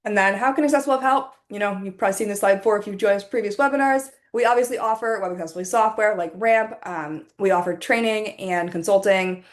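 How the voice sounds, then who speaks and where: A woman presenting a webinar over a video call, talking conversationally with frequent ums, her voice starting to go hoarse. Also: medium pitch, fast, few pauses. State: voice going hoarse, coughing.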